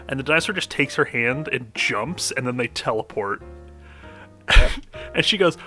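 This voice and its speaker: A man's voice: medium pitch, moderate pace, sharp tone, faint music behind. A young man chatting on a podcast, retelling an anime plot in a rambling way full of fillers and laughs. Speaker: podcast co-host. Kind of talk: casual chat recapping an anime.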